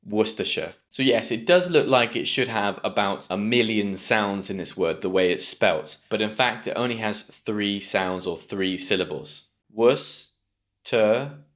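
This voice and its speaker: A man with a British accent giving an online English pronunciation lesson, patient and clear, slowing down to drill each sound. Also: fairly low pitch, a bit bright.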